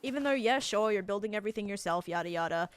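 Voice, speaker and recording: A woman livestreamer chatting casually with viewers while she plays, talking loosely with lots of "like" and breaking into quick excited thanks. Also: medium pitch, faint music behind. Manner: chatty, heavy use of "like", bursts of excited thanks. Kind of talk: casual chat while playing, answering viewers.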